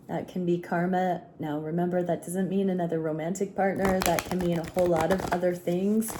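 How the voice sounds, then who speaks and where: A woman with a hoarse, gruff voice from a sore throat, giving a calm spiritual tarot reading. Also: lowish voice, background noise. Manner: calm, searching, prayerful. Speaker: tarot reader.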